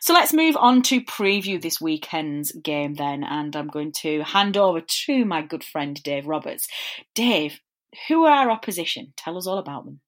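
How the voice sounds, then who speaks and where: A woman with a broad Burnley, East Lancashire accent hosts a casual football podcast. She sounds chatty and upbeat, and her pitch climbs when she asks a question. Her voice sits a little low for a woman. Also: lively intonation, normal speed. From Burnley, England. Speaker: podcast host.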